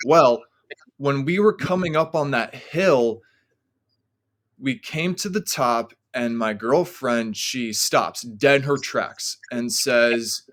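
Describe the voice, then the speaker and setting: A man's voice: mid-range voice, slow pace, a bit bright. Male podcast guest, casual rambling storyteller, middle-range voice, leans on filler words. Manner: rambling, heavy use of "like" fillers.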